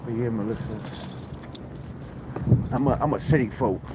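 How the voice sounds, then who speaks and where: A man's voice: medium pitch, normal speed, heavy background noise. A man from New York City with a New York accent, chatting casually on a live stream, joking in slang and repeating his lines.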